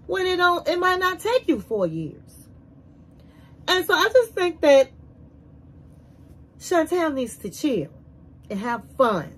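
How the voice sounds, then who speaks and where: A woman reviewer giving a casual, opinionated recap of a reality TV episode in a lively storytelling manner. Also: high-pitched, unhurried, long pauses, low-quality recording. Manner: animated storytelling, conversational and opinionated.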